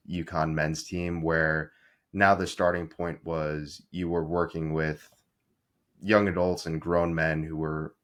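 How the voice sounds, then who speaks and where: A male podcast host with an extremely deep voice works through his questions in a measured, rambling way. His tone is conversational, suited to an interview.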